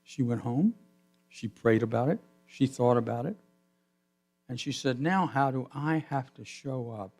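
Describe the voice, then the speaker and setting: A man pastor giving a sermon in a church, telling a story with his voice swelling loud and then dropping to a hush. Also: mid-range voice, measured pace, faint music behind. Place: church sanctuary.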